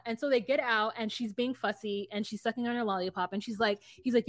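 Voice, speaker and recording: Woman, podcast co-host, casual recap chat, lively re-enactments, higher voice, dry close sound. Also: brisk, hardly any pauses, no room sound. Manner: animated retelling, acting out both sides of a scene.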